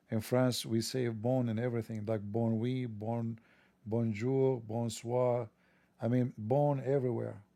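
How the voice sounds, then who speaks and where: A man with a gravelly, dark voice delivers a sarcastic monologue, heavy on mockery and rambling asides. The sound is dry and close. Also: mid-range voice, dry recording. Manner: mocking, joking, rambling asides. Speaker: religion commentator.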